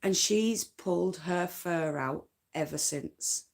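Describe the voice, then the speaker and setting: Yorkshire woman rambling on a late night craft stream, lowish voice, unhurried. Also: gravelly. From North Yorkshire, England. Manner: rambling, chatty, uses dialect forms. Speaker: craft livestream host. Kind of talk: casual late-night live chat.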